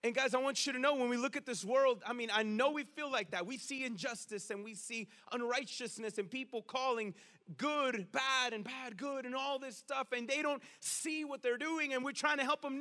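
Animated high-voiced male preacher. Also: normal speed. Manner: conversational, animated preaching with slang and rhetorical questions. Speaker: pastor. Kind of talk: sermon.

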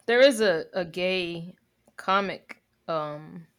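Frank, low-voiced woman co-host. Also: clear, resonant tone. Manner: frank, reflective, quick to agree. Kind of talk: casual chat.

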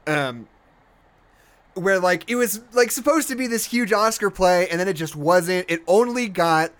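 A man's voice: high-pitched, lively intonation, a little slow, fairly bright tone. A man in casual podcast chat about movies, talking loosely and laughing often. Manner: chatty, laughs often, quotes people in put-on voices. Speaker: podcast co-host.

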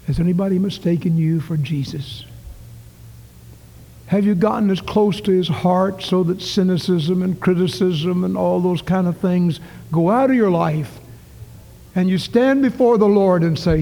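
A man preaching from the pulpit, earnest and story-driven, his voice fairly high for a man but mellow. A long church reverb hangs behind each phrase as he swings between raised calls and quiet hushes. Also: normal speed. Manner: earnest storytelling, rising to calls then dropping to near whispers. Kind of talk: sermon. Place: church sanctuary.

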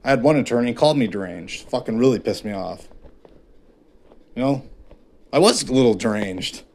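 A man with a medium-pitched, expressive voice speaks at a moderate pace on his solo podcast. It's a confessional ramble, blunt and full of fillers and constant cursing, with plenty of self-mockery.

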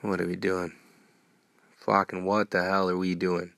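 A man hosting a solo podcast, ranting in a profane, rambling way with sudden loud outbursts. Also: deep voice, monotone, measured pace, gravelly, no echo, clean studio sound. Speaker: podcast host.

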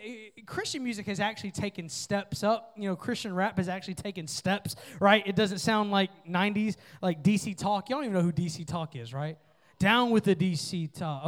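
High-voiced young man preaching. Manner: joking, playful and energetic with the crowd. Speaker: youth pastor. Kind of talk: sermon.

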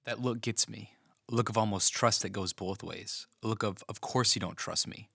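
Low, bright-toned male narrator. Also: creaky, slightly rough, no room sound, clean studio sound. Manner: measured, posing questions to the listener. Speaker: podcast narrator. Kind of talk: scripted narration.

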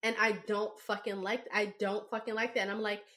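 A young woman co-hosting a podcast, telling a story in a blunt, profane, animated way. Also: mid-range voice, brisk. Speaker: podcast co-host. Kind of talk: casual podcast chat.

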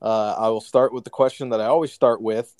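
A man co-hosting a podcast, opening the show in a lively, upbeat way and steering casual chat. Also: fairly low pitch, fairly quick, dry recording, studio quality. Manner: upbeat, energetic show opener. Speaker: podcast co-host.

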